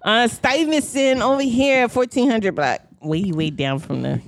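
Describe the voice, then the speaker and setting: A woman's voice: on the high side, lively intonation, a little slow, no echo, studio quality. A woman hosting a casual podcast chat, playful and teasing, laughing often. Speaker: podcast host.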